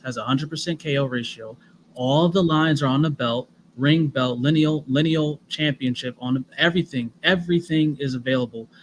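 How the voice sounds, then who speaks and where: A man's voice: mid-range voice, a little hiss or hum, poor audio. A man co-hosting a boxing podcast, talking in a rambling casual way with fillers and restarts. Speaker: podcast co-host. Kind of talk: casual sports chat.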